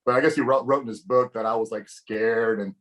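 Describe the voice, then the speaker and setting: Ex wrestler guy spinning a story, swears a lot, mid pitch, easygoing. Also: steady tone, brisk, a bit bright. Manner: profane, laid-back, peppered with "man". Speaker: former pro wrestler, guest. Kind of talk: casual storytelling.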